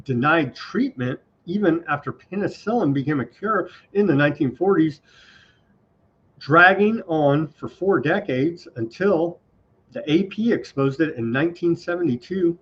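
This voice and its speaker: A man with a fairly high, husky voice runs a commentary show. He reads headlines aloud and adds wry, offhand asides, heard through a dull, lo-fi recording. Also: expressive, a little slow. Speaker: show host. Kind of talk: casual news commentary. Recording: dull lo-fi sound.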